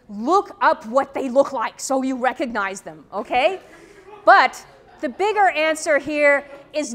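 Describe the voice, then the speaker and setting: A woman's voice: sits high, fairly bright tone. A woman professor giving a classroom lecture to students, firm and direct, checking in with "okay?" often. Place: lecture room. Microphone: microphone, tethered.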